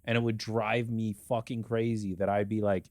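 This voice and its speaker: A man's voice: lowish voice, moderate pace, dry recording, studio quality. A man in his thirties, a guest on a comedy podcast, telling blunt, profane stories about old jobs. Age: 30s. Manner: blunt, profane, animated storytelling. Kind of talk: casual comedy podcast chat.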